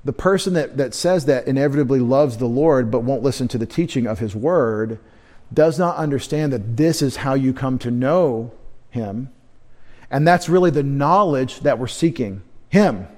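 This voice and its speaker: A man with a mid-pitched voice delivers a church sermon. He is earnest and emphatic. He slows right down to press the important words home. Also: animated, darkish tone. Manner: earnest, emphatic preaching with slow stressed words. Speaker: pastor. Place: church service.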